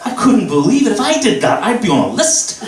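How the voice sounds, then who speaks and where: A man's voice: high voice, brisk. A Northern Irish man in his thirties performing a stand-up comedy set, swearing and telling stories with energy. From Northern Ireland. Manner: swearing, animated storytelling. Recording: echoey room, mic at a distance.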